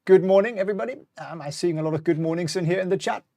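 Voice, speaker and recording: A man's voice: high-pitched, very fast, gravelly, warm tone, no room sound. A middle-aged man hosting a live-streamed stock market talk, chatty and wry, reading out viewer comments as he goes. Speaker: host.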